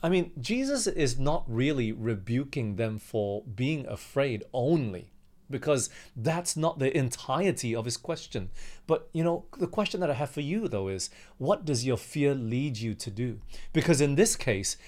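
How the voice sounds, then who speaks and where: A man's voice: mid-range voice, very animated, moderate pace, a little mellow. A young man from Australia who leads a Bible study in a conversational sermon style, often asking his listeners questions and acting out what people said. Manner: conversational, asks the listener questions, acts out quotes. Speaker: pastor leading a Bible study.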